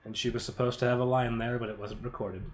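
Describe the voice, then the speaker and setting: A man's voice: mid-range voice, flat delivery, fast talker. Offhand self-mocking man on commentary. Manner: offhand and self-mocking, laughs often, swears. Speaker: animator and show creator. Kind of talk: casual creator commentary.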